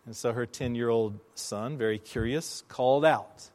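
A man preaching a sermon, telling a story with slow, emphatic phrasing and dramatic pauses. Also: medium pitch, darkish tone. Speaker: pastor.

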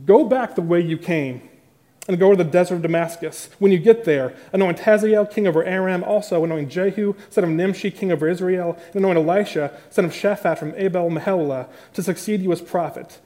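A man voicing God, who gives measured, authoritative instructions to a prophet. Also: sits high, dark tone, close to an everyday voice. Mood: commanding. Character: calm, commanding God speaking to a prophet.

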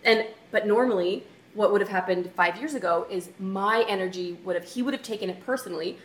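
A woman co-hosting a marriage talk, telling personal stories in a casual, animated way. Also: medium pitch. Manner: animated, talks through stories with quick asides. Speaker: marriage coach co-host. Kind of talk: casual chat, personal storytelling. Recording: echoey room with faint noise.

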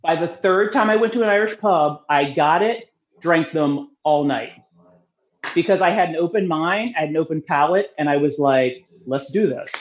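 A woman's voice: deep voice, normal speed. Talkative woman in a roomy recording. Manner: lively, talkative, laughs often. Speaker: podcast guest, beer promoter. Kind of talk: casual storytelling interview. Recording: roomy, slightly muffled.

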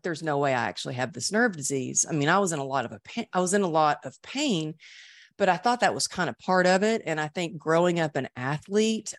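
A woman's voice: sits low, dry recording. A middle-aged woman telling her recovery story in an interview, earnest and emotional, with frequent restarts. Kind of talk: candid interview conversation.

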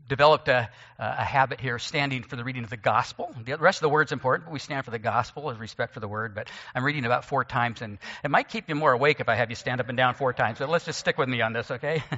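A man's voice: mid-range voice, pushed and bright, in a large hall, lo-fi sound. A man preaching a sermon as a pastor, explaining scripture in a conversational way with occasional joking asides. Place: church sanctuary.

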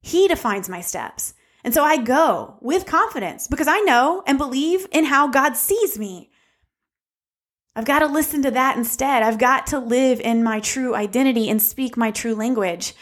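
A woman's voice: high-pitched, lively intonation, normal speed. A woman giving a sermon in an earnest, conversational way, often speaking straight to her listeners as friends. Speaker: speaker of a devotional talk.

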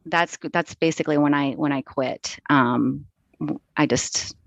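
A woman's voice: deep voice, vocal fry, dry recording, lo-fi sound. A woman in her thirties, a runner, talking candidly as a podcast guest and often restarting her sentences. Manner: candid, halting, many restarts. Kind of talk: casual interview chat.

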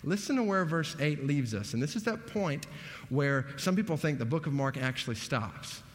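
A man preaching a sermon, animated, his voice rising emphatically on key points. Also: fairly high pitch, moderate pace. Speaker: pastor. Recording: long hall reverb.

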